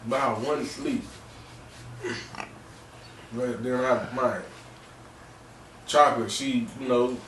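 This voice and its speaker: A man hosting a podcast, recounting a personal story in a halting way, repeating phrases and filling gaps with "man" and "you know.". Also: mid-range voice, a little hiss or hum. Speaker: podcast host. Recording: roomy distant mic with faint ambience.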